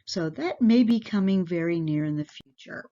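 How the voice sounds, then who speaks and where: A woman's voice: fairly low pitch, animated, normal speed, mellow. Woman nurse explaining health basics. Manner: plain-spoken explaining, asks listeners questions directly. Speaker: parish nurse. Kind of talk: health education talk to a congregation. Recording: dull lo-fi recording.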